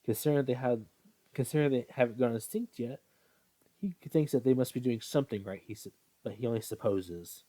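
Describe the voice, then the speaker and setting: A man's voice: medium pitch, brisk, warm tone, dry recording. A man casually reading a fan story aloud, often stumbling, correcting himself and apologizing. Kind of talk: casual read-aloud with asides.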